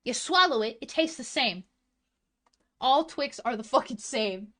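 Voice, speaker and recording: A woman streamer in casual chat, ranting with heat and swearing, swinging between loud outbursts and low mutters. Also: lively intonation, measured pace. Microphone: desk mic.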